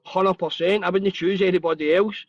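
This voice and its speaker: A man hosting a casual live podcast chat, blunt and sweary but warm and open. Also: high voice, fairly even intonation, a little fast, dry recording, dull audio. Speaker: host.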